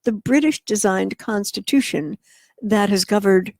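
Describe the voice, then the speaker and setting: A woman co-hosting a talk radio show, reading and discussing news stories quickly. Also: medium pitch, a little mellow, no echo. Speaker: radio co-host.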